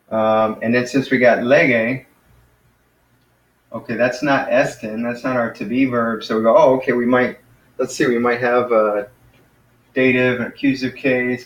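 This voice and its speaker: Male teacher, casual classroom lesson, patient, slows down on key words; roomy sound, mic set back. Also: mid-range voice, steady tone. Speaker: Greek teacher. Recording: echoey room, mic far off.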